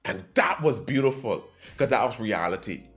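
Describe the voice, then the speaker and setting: Animated man chatting about anime. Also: medium pitch, moderate pace, faint music behind. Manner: animated storyteller, swings between loud and quiet. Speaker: podcast host. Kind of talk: casual anime podcast chat.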